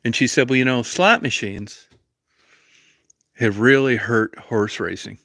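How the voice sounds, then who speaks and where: Man, livestream host, swears constantly, rambling argumentative rant, sharp bright voice. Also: medium pitch, a little slow, no echo, clean studio sound. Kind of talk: profane storytelling rant.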